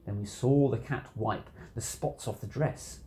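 A reader narrating a children's rhyming picture book aloud, expressive and rhythmic. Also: mid-range voice, measured pace. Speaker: storybook reader.

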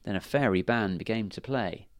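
A man reading fairy tales aloud to children in a lively, expressive way. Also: on the low side, normal speed, dry recording. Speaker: storyteller.

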